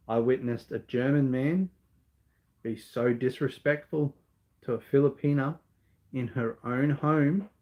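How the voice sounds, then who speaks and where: A man's voice: medium pitch, highs cut off. A man with an Australian accent answering viewer questions in a casual live Q&A, talking in an earnest, rambling way full of ums and restarts.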